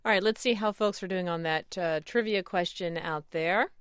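A woman hosting a radio call-in show, brisk and friendly as she moves through callers. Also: on the low side, clear, resonant tone, no room sound, clean studio sound.

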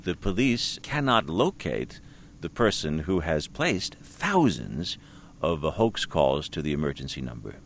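A man hosting a radio news interview, asking measured, probing questions. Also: very deep voice, very animated, slight background noise. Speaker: radio host.

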